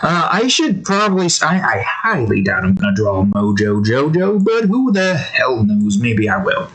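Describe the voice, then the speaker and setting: A man's voice: mid-range voice, big pitch swings, moderate pace, fairly bright tone, low-quality recording. A man rambling and correcting himself as he draws and chats to viewers. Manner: rambling, self-correcting, chaotic. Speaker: host drawing on stream. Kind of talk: casual rambling commentary.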